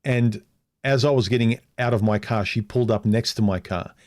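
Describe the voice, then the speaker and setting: A middle-aged man talks on a casual livestream, telling a personal story in a frank, loose way. His pitch sits in an ordinary middle range, and he keeps doubling back and restarting his sentences as he goes. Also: normal speed, a little mellow. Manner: rambling, frank, restarts often and acts out quoted speech. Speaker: vlogger.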